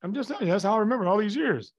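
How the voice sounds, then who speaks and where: A man teaching a class, lively and emphatic, often stopping to ask the students if they understand. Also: high voice, very fast, highs cut off. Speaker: lecturer. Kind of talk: live online lecture.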